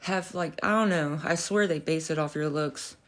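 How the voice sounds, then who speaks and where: Animated young woman livestreaming, lowish voice. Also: normal speed. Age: young adult. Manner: animated storytelling, swears freely, laughs often. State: out of breath. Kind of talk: casual livestream chat.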